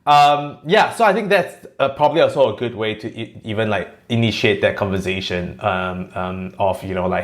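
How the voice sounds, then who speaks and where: A man's voice: fairly low pitch, moderate pace, hardly any pauses. A man in his forties hosting a podcast interview, thinking aloud with fillers and restarts. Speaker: podcast host. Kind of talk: casual interview chat.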